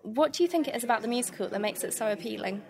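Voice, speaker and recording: A woman's voice: fairly high pitch, animated, rapid-fire, a little mellow. A woman interviewer asking friendly questions and laughing along with her guests. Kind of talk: casual interview.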